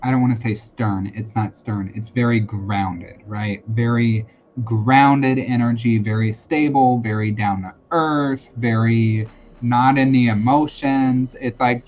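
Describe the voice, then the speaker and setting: Slow, unhurried man giving a psychic reading. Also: mid-range voice, fairly even intonation, a little mellow. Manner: casual and reassuring, many fillers and repetitions. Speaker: tarot reader and medium hosting a live stream. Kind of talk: live-streamed psychic reading. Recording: dull lo-fi sound with faint background noise.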